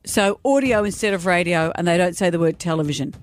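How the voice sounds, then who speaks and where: An Australian woman co-hosting a breakfast radio show, chatting with wry quick asides on a studio mic. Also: lowish voice, a little hiss or hum. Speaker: radio co-host. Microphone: studio microphone.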